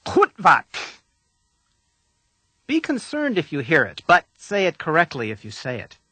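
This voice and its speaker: Bright-voiced man coaching pronunciation. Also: a little high, no room sound. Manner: calm, deliberate, patient coaching. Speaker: language instructor. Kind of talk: scripted instructional narration.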